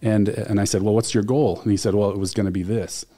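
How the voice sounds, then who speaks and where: A man's voice: on the low side, fairly even intonation, fast talker, mellow. A man talking as a studio guest, telling stories with enthusiasm and frequent fillers. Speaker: alumni relations director, guest. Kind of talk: casual studio conversation. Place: radio studio.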